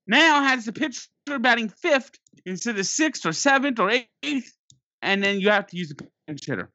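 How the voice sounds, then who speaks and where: Fired-up man ranting in a bright voice. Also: high-pitched, normal speed, no room sound. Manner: exasperated, animated, stumbling restarts. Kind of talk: ranting sports storytelling. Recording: dull lo-fi dry recording.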